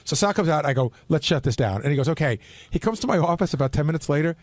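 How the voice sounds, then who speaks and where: A man in a radio studio, telling an excited story full of stammering restarts in casual chat. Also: fairly high pitch, rapid-fire, no echo. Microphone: studio microphone.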